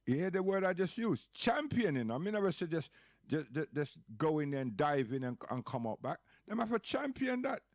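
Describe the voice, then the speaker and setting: Man preaching hard about his community, repeats himself a lot, slightly high voice, dry close sound. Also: a little fast, darkish tone, dry recording. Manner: emphatic, repetitive, rhetorical questions. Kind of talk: impassioned monologue.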